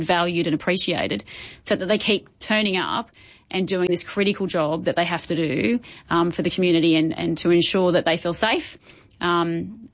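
A woman, a police commander, answers interview questions in an earnest, measured way, often pausing with ums. Her voice sits a little low, and the recording sounds slightly dull. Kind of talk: radio interview.

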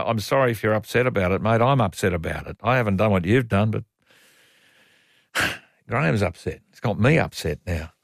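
A man's voice: mid-range voice, no echo, clean studio sound. A man with an Australian accent hosting talk radio, emphatic and blunt, often repeating himself as he airs his opinions. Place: radio studio. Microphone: studio microphone.

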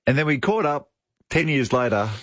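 A man's voice: on the high side, lively intonation, normal speed, a bit bright, no room sound. An Australian man co-hosting breakfast radio, chatty and jokey, laughing often in casual banter. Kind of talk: casual chat. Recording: muffled broadcast studio sound.

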